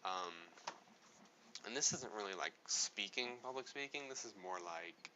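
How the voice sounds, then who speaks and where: A man's voice: fairly low pitch, lively intonation, normal speed, lo-fi sound, background noise. A man giving a casual spoken tutorial on speaking, rambling and correcting himself as he goes. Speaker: speaking coach.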